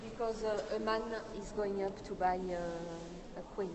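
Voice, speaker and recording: A woman with a French accent, a native French speaker working as a ticket attendant, speaking halting English. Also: mid-range voice, steady tone, noisy background. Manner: halting, searching for English words. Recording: roomy hall, crowd, far from the mic.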